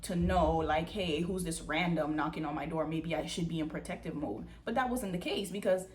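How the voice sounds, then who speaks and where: A young woman vlogger telling a personal story in a casual, animated way, acting out what people said. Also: low-pitched, moderate pace, slight background noise. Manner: animated storytelling with acted-out quotes, says "y'all". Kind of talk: storytime vlog.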